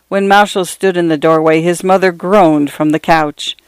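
A woman hosting a radio program, reading short stories aloud in a measured literary style. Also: fairly low pitch, steady tone, smooth, dry recording. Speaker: radio host and reader. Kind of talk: scripted short story narration.

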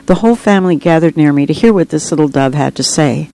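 A woman's voice: low-pitched, animated, fast, warm tone, rough recording. An author reading her memoir aloud in an earnest, reflective narration. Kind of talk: audiobook narration.

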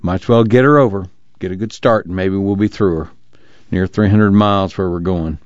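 A man's voice: low-pitched, brisk, no room sound, highs cut off, close to an everyday voice. A man voicing a blunt, determined young rural man in plain speech.

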